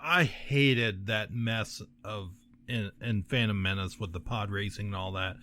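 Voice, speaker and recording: A man co-hosting a casual pop culture podcast, relaxed and agreeable, with a quick grumble now and then. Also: fairly low pitch, a little hiss or hum. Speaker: podcast co-host.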